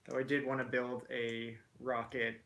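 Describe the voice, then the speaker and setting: Relaxed man chatting as a guest. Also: mid-range voice. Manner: relaxed and amused, quick to laugh. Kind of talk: casual chat.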